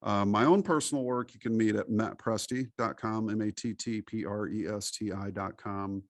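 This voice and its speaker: A middle-aged man with a low, gravelly voice talks at length as a podcast guest. He tells stories in an animated, preachy way. The sound is dry and close. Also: moderate pace, dry recording. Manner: animated, preachy storytelling with acted quotes. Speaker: interview guest. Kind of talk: casual podcast interview.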